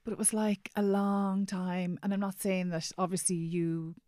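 A woman's voice: medium pitch, level tone, normal speed, dark tone, no echo, studio quality. A woman hosting a podcast, musing aloud in long, rambling sentences. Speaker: podcast host. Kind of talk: reflective interview chat.

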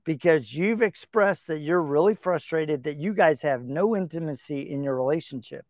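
A man's voice: fairly high pitch, moderate pace, few pauses, a little mellow, no room sound, studio quality. A middle-aged man hosting a relationship advice talk, telling stories earnestly and acting out the dialogue. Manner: earnest storytelling, acts out quoted dialogue. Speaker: podcast host.

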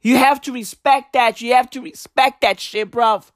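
A woman's voice: fairly high pitch, fairly even intonation, normal speed, dry recording. A woman hosting a podcast, ranting comically with constant swearing and rhetorical questions. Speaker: podcast host. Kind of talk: profane comedic rant.

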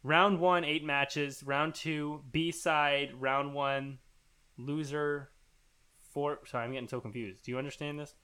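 A man with a bright, forward voice that sits a little high talks casually as a podcast co-host. He thinks out loud, restarting sentences and padding them with ums and likes. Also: fairly even intonation, unhurried, clean tone. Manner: rambling, thinks aloud with fillers and restarts. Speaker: podcast co-host reading listener emails. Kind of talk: casual chat.

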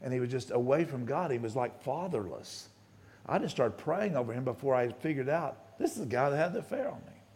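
A pastor giving a sermon, telling a story with plenty of quoted dialogue and halting restarts, his voice rising and dropping. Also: medium pitch, lively intonation, a little mellow.

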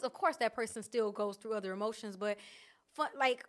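A woman vlogger talking candidly and casually about her feelings, animated and laughing often. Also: on the high side, fast. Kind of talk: casual reflective chat. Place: outdoors in nature.

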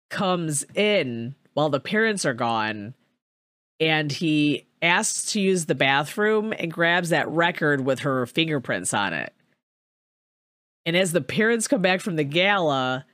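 A woman's voice: deep voice, dry recording, clean studio sound. A young woman recapping a movie in casual chat, swearing freely and acting out the characters' lines. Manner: profane, filler-heavy storytelling with animated quoted voices.

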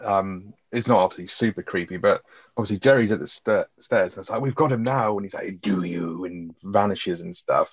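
A man's voice: low voice, no room sound, muffled recording. A man talking casually about a film on a podcast, swearing often and laughing as he talks. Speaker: podcast co-host.

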